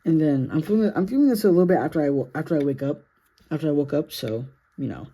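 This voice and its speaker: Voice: mid-range voice, animated, fast talker, dark tone, husky. A sleepy, yawning action figure reviewer talking through a casual toy review in a rambling, self-correcting, apologetic way.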